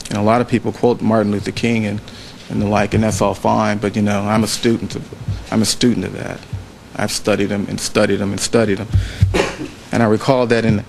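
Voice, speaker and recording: A trial lawyer giving a closing argument to a jury in a courtroom, speaking in a measured way and repeating phrases for emphasis. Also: male voice, fairly low pitch, creaky, background noise.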